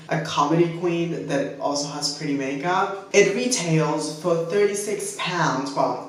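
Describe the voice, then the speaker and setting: A man's voice: a little high, distant mic. A man chatting casually as a beauty vlogger, talky and self-deprecating, with rambling asides. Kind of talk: casual makeup review chat. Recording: echoey room, off-mic.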